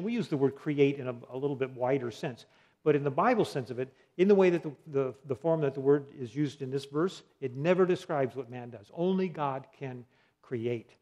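A man's voice: medium pitch, darkish tone. A man teaching a Bible study lesson, putting questions to his listeners and answering them himself, and spelling out words letter by letter. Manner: spells out words letter by letter, many fillers and restarts.

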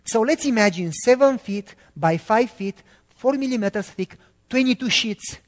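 High-voiced man telling a testimony. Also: moderate pace, long reverb tail. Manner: animated, acts out quotes, addresses listeners. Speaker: preacher giving a testimony. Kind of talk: sermon storytelling.

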